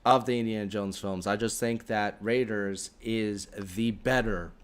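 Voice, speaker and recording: A man's voice: on the low side, steady tone, unhurried, clean tone. A man hosting a live comedy podcast in a casual, talkative way. He laughs often and circles back on his own sentences as he works through his points. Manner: laughs often, rambling with restarts. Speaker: podcast co-host. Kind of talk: casual banter.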